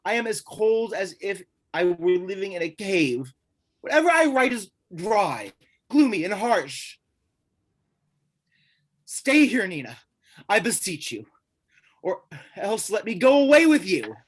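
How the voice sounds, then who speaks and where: A man's voice: sits high, sing-song, measured pace, exaggerated voice. A man playing a lovesick, despairing young writer in a live streamed stage reading, speaking in an intense, pleading way.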